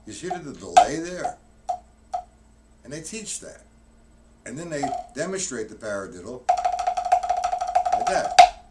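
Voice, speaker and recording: Over loud music, a male drum teacher streams a live lesson in a medium-pitched voice with big pitch swings, speaking at normal speed with long pauses. He counts strokes aloud and rambles through technique with many restarts, recorded by a distant mic in a drum room with loud hits.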